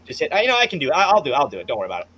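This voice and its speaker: A man narrating as game master of a tabletop game, animated and swearing freely. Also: a little high, rapid-fire.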